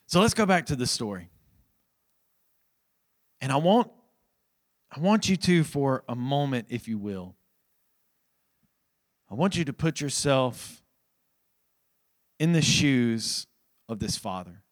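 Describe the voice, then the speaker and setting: A pastor preaching a sermon at a church service, moving from a hushed prayer to raised, pleading emphasis and repeating phrases to drive points home. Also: male voice, medium pitch, lively intonation, slow, pauses often.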